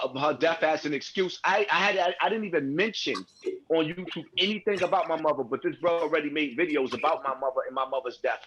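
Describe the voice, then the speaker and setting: A man's voice: fairly high pitch, a bit bright, lo-fi sound, a little hiss or hum. A man arguing heatedly as a guest on a live call-in stream, repeating himself as he presses his point. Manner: heated, confrontational, repeats phrases.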